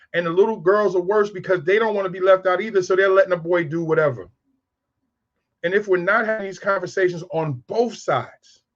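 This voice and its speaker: A man's voice: high voice, highs cut off. A man in his fifties telling frank, streetwise stories about raising boys. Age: 50s. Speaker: speaker on raising sons. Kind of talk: candid storytelling talk.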